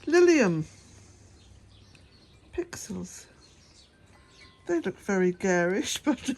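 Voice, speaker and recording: A woman's voice: medium pitch, a little hiss or hum. Chatty Irish woman, a bit breathless. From west of Ireland. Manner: chatty, rambling, laughs often. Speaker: cottage gardening vlogger. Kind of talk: casual chat to camera. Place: outdoors at a cottage garden and shed.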